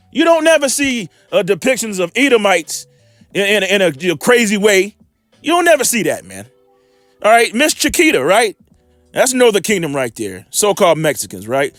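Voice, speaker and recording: A man's voice: high voice, a bit bright, no echo. A man preaching informally on scripture, heated and profane, with rambling asides.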